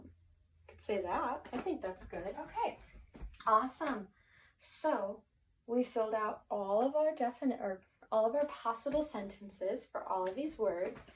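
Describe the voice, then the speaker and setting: A woman's voice: medium pitch, a little mellow, far from the mic, poor audio. A woman teaching a vocabulary lesson, encouraging and thinking aloud with many fillers and restarts.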